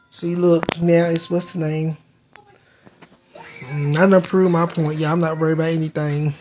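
A woman's voice: sits low, flat delivery, moderate pace, pauses often, darkish tone, a little hiss or hum. A woman chatting casually on a live stream from home into a phone, rambling and swearing in a playful way. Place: indoors at home.

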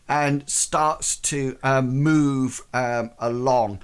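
A man narrating a tabletop game as game master, halting and full of ums and restarts. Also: medium pitch, steady tone, clean tone.

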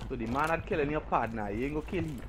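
A man's voice: a little high, background noise. Man calling out in a shooter game. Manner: quick repeated callouts. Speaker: gamer. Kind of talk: casual gaming chat. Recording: gunfire from the game behind.

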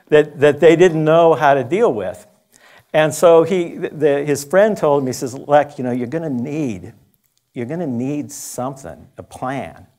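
At a school conference, a man with a mid-range, slightly mellow voice gives a storytelling lecture. He tells an anecdote loosely and conversationally, restarting sentences and wandering into asides.

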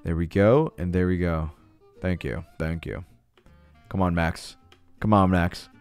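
A young man streaming a game live, talking casually, swearing often and cheering loudly at the screen. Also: sits low, fairly even intonation, unhurried, clean tone, faint music behind. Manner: hyped and jittery, swears a lot, cheers loudly. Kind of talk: casual live-stream chat while gaming.

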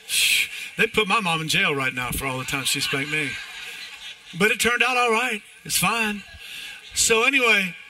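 A male pastor preaching a sermon in church, animated and emphatic, often restarting his phrases. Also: sits high, moderate pace, long pauses, noisy background.

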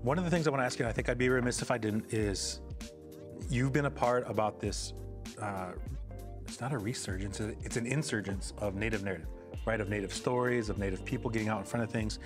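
A man's voice: lowish voice, fairly quick, music in the background. A man hosting a casual chat show who asks long, earnest, winding questions. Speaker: host.

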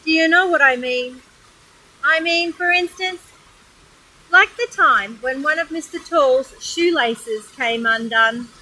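An Australian woman reads a children's picture book aloud outdoors by a waterfall. Her voice is high and bright, and she reads in an animated, expressive way. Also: slow, poor audio. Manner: animated, expressive storybook reading. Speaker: storyteller.

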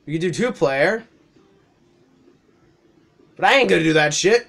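A young man with a fairly high voice narrates his game in loose, profane commentary. He reacts loudly, swears freely and breaks into laughs as he plays. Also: measured pace, creaky. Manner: profane, excitable, laughs often. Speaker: let's play host.

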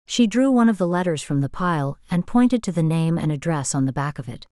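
A woman reading an audiobook in a steady, measured way as scripted narration. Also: low-pitched, dry recording, clean studio sound.

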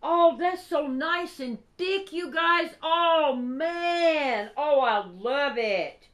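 A woman with a drawl gushes over craft gifts in a casual vlog. Her voice sits a bit high and she talks slowly, stretching out her excited exclamations. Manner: gushing, excitable, drawn-out exclamations. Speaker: crafting vlogger. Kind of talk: casual unboxing chat.

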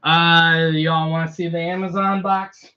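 A man live-streaming a toy unboxing in a relaxed, chatty way, greeting viewers by name. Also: on the high side, measured pace, smooth, dull audio. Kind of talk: casual live-stream chat.

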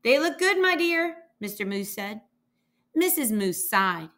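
Slow, lively woman reading a storybook. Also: on the high side. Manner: lively character voices, slow and expressive. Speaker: reader. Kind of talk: children's picture book read-aloud.

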